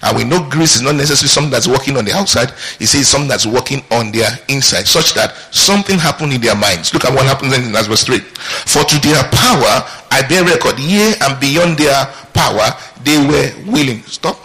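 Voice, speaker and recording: Bright-voiced male pastor preaching. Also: medium pitch, lively intonation, fairly quick, hardly any pauses, poor audio. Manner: teaching, asks the congregation questions and reads scripture aloud. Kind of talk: sermon.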